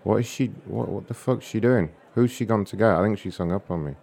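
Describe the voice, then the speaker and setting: A man's voice: on the low side, fairly quick, gravelly, a little mellow, husky. A man making prank calls as a show host, brash and profane, laughing at his own calls. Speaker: prank caller. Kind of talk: prank call show banter.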